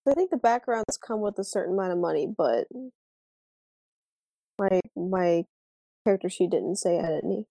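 A woman's voice: fairly low pitch, moderate pace, creaky, long pauses, mellow, no echo, poor audio. A woman playing a tabletop game over an online voice call, speaking hesitantly as she searches for words. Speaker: player.

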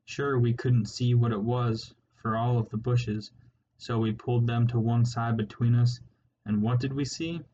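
A man's voice: mid-range voice, level tone, a little slow, warm tone, close to an everyday voice. A man voicing a cowardly, superstitious male ferret soldier with an Irish accent, rambling and pleading, in a slightly muffled recording with faint hiss. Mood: wailing, frightened. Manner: rambling, wailing, rustic storyteller's turns of phrase.

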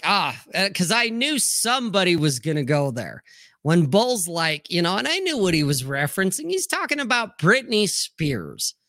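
A man's voice: sits high, pushed and bright, dry recording, clean studio sound. A man hosting a live stream panel, talking bluntly and swearing freely in a rambling, casual way. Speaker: livestream host. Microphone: streaming mic, remote call.

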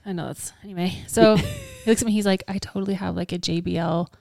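Woman podcast co-host, mid-pitched, giggly casual storyteller, dry room. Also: steady tone, fast talker, creaky, darkish tone, no room sound. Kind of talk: casual chat.

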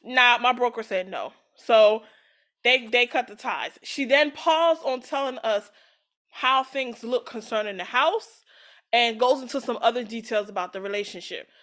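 A woman co-hosting a casual chat, retelling a story with lively acted-out quotes and frequent laughter. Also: fairly high pitch, unhurried. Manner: animated storytelling, acts out quoted voices, laughs often. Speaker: podcast co-host retelling a story.

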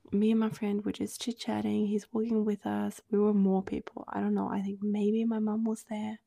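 A woman co-hosts a podcast in a medium-pitched, creaky, mellow voice with no echo. She tells a story in casual chat, acting out quoted dialogue and saying "like" a lot.

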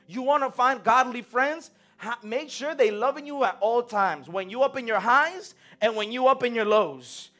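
A young man preaching in a relaxed, conversational way, full of slang and acted-out quotes. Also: very high-pitched. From United States. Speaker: pastor. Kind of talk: sermon.

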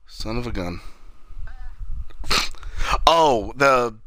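A man co-hosting a podcast in casual, profane chat, excitable and quick to swear. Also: medium pitch, a little hiss or hum. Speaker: podcast co-host.

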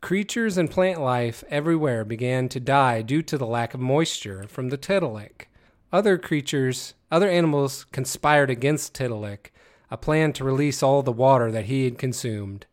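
A male game host runs a casual guessing game, reading descriptions aloud in an animated, medium-pitched voice at normal speed. He often laughs mid-sentence and stumbles over his words.

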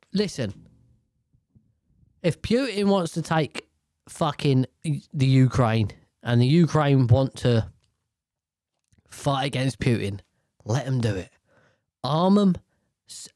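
Podcast host, unhurried delivery, dry close sound, blunt and outspoken. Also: male voice, mid-range voice, lively intonation, darkish tone, no room sound. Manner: blunt, outspoken, swears freely. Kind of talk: casual commentary.

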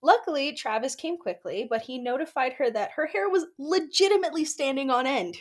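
A woman's voice: high voice, expressive, a little fast. A woman co-hosting a podcast, recapping a book in casual chat with dry quips and frequent laughter. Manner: giggly, recaps with laughing asides. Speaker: podcast co-host.

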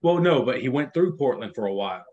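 A man's voice: medium pitch, expressive, fast talker, darkish tone. Man, casual co-host, enthusiastic, rambling, muffled lo-fi audio. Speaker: podcast co-host. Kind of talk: casual wrestling chat. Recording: dull lo-fi sound.

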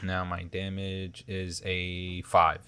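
A man's voice: low-pitched, completely flat delivery, takes it slowly, very noisy. A man playing a tabletop game, joking and giggling often. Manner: giggly, playful. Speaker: player. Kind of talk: casual play at a tabletop game.

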